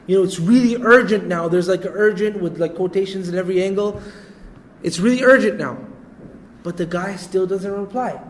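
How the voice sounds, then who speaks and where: A male preacher with a high voice tells a story in a casual, animated way. He keeps checking in with his listeners as he goes. A faint hum of the room sits under his voice. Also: low-quality recording. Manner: animated, conversational, repeats points with "you know" and "okay?". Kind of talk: storytelling sermon.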